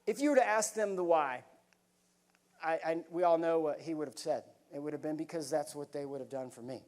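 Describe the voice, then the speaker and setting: A middle-aged man speaks from a conference stage in a fairly high voice. He tells stories in an earnest, folksy way and talks to the crowd like neighbors. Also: brisk, darkish tone. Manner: storytelling, earnest and folksy, addresses crowd as y'all. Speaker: keynote speaker. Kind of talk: motivational speech. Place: conference hall.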